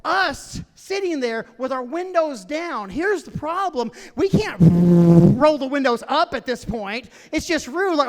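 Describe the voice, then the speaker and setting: A middle-aged man doing stand-up storytelling, animated, swinging between loud shouting and hushed whispers. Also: extremely high pitch, a little slow, hardly any pauses. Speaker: stand-up comedian. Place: large theater stage. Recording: reverberant theater sound.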